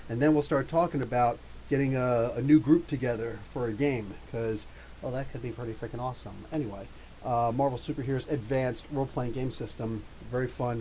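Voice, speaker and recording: A man's voice: medium pitch, a little mellow. Jokey man hosting a live stream. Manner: greets chat viewers by name, jokey, swears lightly. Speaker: podcast host. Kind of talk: casual live-stream chat. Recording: faint hiss.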